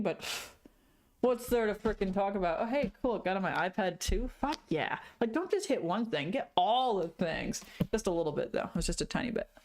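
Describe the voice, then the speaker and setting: A young woman livestreaming her art, chatting casually with viewers and swearing ruefully about a spill. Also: fairly low pitch. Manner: rueful, swearing, talking to chat. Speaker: livestreaming artist.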